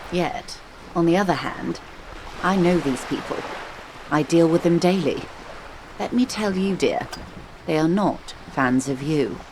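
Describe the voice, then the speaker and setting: A woman's voice: on the low side, unhurried, pauses often, close to an everyday voice. An actress voicing an erudite woman in a video game who lectures a detective in an eloquent, wry manner, in game audio with background noise.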